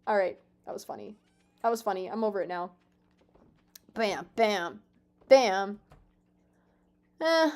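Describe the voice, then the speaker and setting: Swearing, excitable streamer woman in her twenties. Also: mid-range voice, slow, pauses often. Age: 20s. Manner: swears freely, excitable, self-mocking. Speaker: game streamer. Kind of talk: casual live-stream chat.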